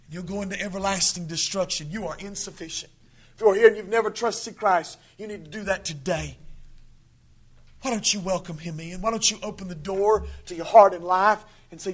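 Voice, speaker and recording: A man preaching a sermon in church, moving from shouted declarations to hushed pleading during an altar call. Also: high-pitched, fairly even intonation, a little fast. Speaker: pastor.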